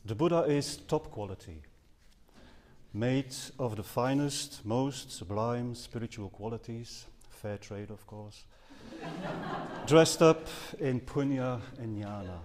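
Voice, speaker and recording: Long hall reverb surrounds a man's mid-range, slightly mellow voice as he offers a dharma talk on Buddhism to people gathered in a seminar house hall. He is earnest, though he pauses with some hesitations and corrects himself at times.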